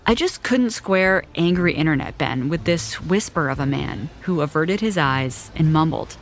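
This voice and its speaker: A woman reporter narrating a documentary story in a measured, wry storytelling voice. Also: low voice, expressive, a little hiss or hum.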